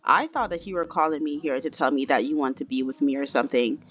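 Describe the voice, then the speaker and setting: A woman's voice: sits low, quick pace, voice pushed down, close to an everyday voice. A woman voicing an irritated, jealous young man in a life sim story, blunt and insistent. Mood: angry.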